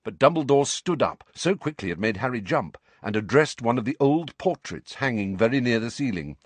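A man narrating a story in an expressive, varied scripted reading. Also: mid-range voice, moderate pace, no room sound. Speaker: audiobook narrator.

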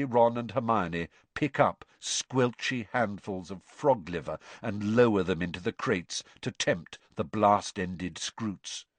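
A man narrating an audiobook in an expressive, varied storytelling manner. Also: on the low side, dry recording.

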